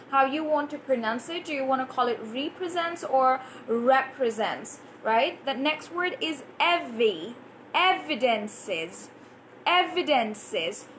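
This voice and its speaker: A woman teaching English pronunciation, repeating each word slowly and asking for drills. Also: high voice, slight background noise. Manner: slow, drilling words with repetition. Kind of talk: pronunciation lesson.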